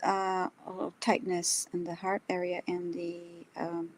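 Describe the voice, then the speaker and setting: A woman co-hosting a live psychic reading, speaking softly and hesitantly with many ums. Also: on the low side, monotone, unhurried, rough recording. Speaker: psychic reader, co-host.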